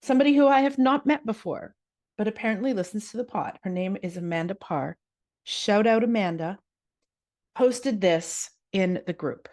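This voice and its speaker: A woman's voice: mid-range voice, moderate pace, a little mellow. A woman with a Canadian accent hosting her own podcast in a chatty, upbeat way, reading listener comments aloud. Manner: chatty, upbeat, laughs easily. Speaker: podcast host and yoga teacher.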